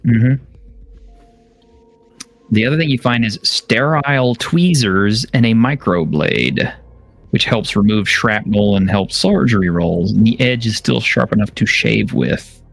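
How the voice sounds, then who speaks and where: A man running a tabletop game on a stream as game master, casual and chuckling, with halting fillers. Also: lowish voice, gravelly.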